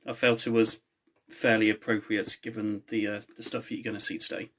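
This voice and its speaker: A man's voice: medium pitch, level tone, moderate pace, fairly bright tone. A man who is the author, reading his novel aloud in a live stream from home and chatting casually with viewers in between. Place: home, with a laptop.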